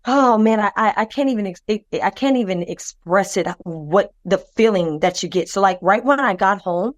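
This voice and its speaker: Expressive woman telling a personal story. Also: medium pitch, moderate pace, dry recording, muffled recording. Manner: lively and expressive, acts out other people's voices; loose, rambling delivery with many fillers and restarts. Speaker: podcast co-host. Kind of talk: personal storytelling in a podcast chat.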